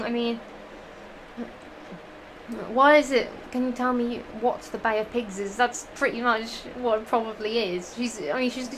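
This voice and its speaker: A woman's voice: fairly high pitch, noisy background. A woman reading fan fiction aloud, breaking off into giggly, profane, rambling asides.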